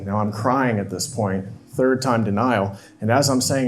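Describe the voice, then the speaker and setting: A man's voice: mid-range voice, expressive, moderate pace, few pauses, soft background music. A man on stage telling a painful personal story, emotional and confessional, acting out the dialogue he quotes. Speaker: speaker. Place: stage at a live talk event.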